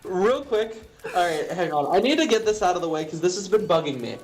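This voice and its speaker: A man's voice: high voice, expressive, fairly quick, soft background music. A young man from Western Pennsylvania, streaming and rambling jokily through a casual chat. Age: young adult. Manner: rambling, joking, fillers.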